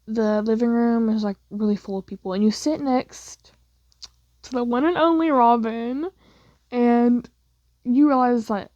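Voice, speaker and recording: A woman's voice: a little high, a little slow, darkish tone, no room sound, highs cut off. A young woman telling a second-person fan story in a casual, rambling way, filling her speech with "like". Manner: casual, rambling, heavy use of "like".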